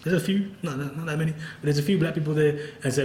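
A man's voice: a little high, fast, hardly any pauses, darkish tone, a little hiss or hum. A man, a professor, speaking candidly and wryly at a book event, laughing often. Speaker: professor and author. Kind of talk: conversational talk at a book event. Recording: roomy event-hall sound.

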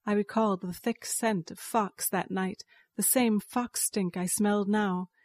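A woman reading a story aloud in first person, slow and measured. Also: mid-range voice, steady tone, darkish tone, no room sound. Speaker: narrator. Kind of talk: scripted story narration.

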